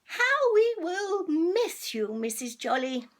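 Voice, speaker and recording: A woman's voice: extremely high pitch, big pitch swings, takes it slowly, voice pushed up, heavily acted. An older woman voicing a school headmistress giving a formal, emphatic farewell speech in a storybook read-aloud. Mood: grateful.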